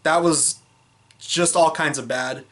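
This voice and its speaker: A man talking through a film in a loose, off-the-cuff review vlog. His voice sits a bit high, and he hedges and restarts as he goes, blunt and fed up with the weak parts. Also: fairly even intonation, slow, a bit bright. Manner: rambling, with many fillers and restarts; frank, exasperated criticism.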